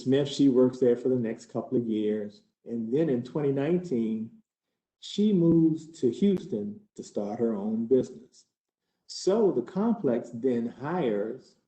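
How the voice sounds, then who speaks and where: Dark-voiced man telling a case story. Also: medium pitch, animated, takes it slowly. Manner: earnest, conversational, building tension. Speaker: trainer acting out a case study. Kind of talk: first-person role-play storytelling. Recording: roomy hall.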